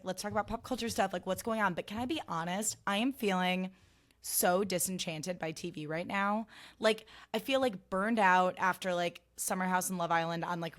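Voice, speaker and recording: A woman's voice: fairly low pitch, fairly bright tone. A woman in her thirties hosting a solo podcast, rambling casually with lots of "like" and free swearing. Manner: gushy, rambling, heavy on "like", swears freely. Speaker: podcast host.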